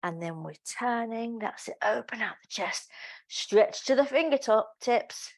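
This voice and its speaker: A woman's voice: on the high side, animated, a little slow. A woman teaching a live pilates class, giving counted cues with joking, chatty asides. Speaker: pilates instructor. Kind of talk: live exercise class instruction.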